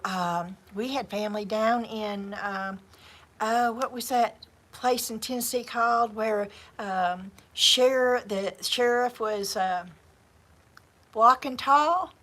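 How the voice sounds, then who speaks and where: A woman's voice: medium pitch, a bit bright. A woman with a Southern US accent, hosting a livestream in a rambling, chatty way with repeated words and laughs. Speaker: livestream host. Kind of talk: casual chat. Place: home craft livestream.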